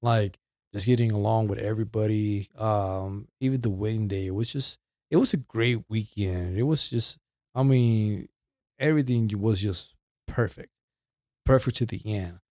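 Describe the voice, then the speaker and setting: A man's voice: fairly low pitch, moderate pace, darkish tone, no room sound, studio quality. A man hosting a podcast, chatting casually and giving brief encouraging replies. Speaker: podcast host. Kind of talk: casual chat.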